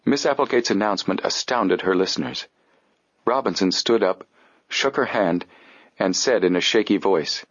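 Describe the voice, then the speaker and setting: A man reading an audiobook in steady, even scripted narration. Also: deep voice, moderate pace, dry recording. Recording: dull dry studio audio.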